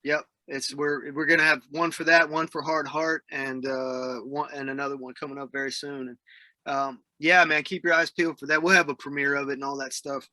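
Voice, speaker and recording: A man's voice: on the high side, little pitch movement, brisk, bright, forceful tone, dry recording. A man from the Southern US, a musician guest in a casual interview, telling stories in a laid-back way and laughing as he talks. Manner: laid-back storyteller, laughs mid-sentence.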